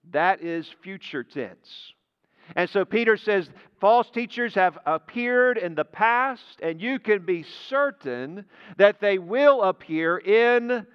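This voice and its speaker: A pastor in a church sanctuary preaches in a high, smooth voice at a slow, measured pace. He leans on key words and lets each phrase sink low at its end. The sound is dull and lo-fi, with a long reverb tail from the hall. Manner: deliberate, emphatic preaching that drops low at phrase ends. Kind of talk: sermon.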